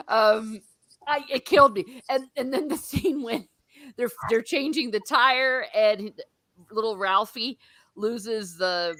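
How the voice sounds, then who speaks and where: A woman's voice: a little high, slow pace, dry recording, studio quality. A middle-aged woman hosting a podcast, chatting casually and retelling movie scenes with lots of laughter and acted-out lines. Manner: animated storytelling, frequent laughter, acts out movie lines. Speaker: podcast host. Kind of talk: casual chat.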